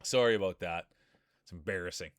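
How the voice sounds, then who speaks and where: A man's voice: sits low, a little fast, clean tone, dry recording, clean studio sound. A man streaming live, doing playful, joking play-by-play commentary on marble races and chatting with viewers.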